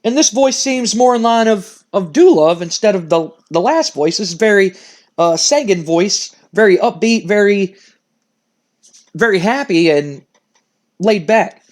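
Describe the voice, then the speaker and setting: A man's voice: high-pitched, lively intonation, unhurried. Male let's-play host, casual rambling commentary, thinks aloud.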